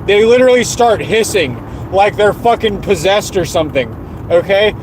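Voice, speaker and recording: A man's voice: high voice, expressive, moderate pace, noisy background. A man streaming an angry, profane, repetitive rant. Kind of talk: angry ranting monologue.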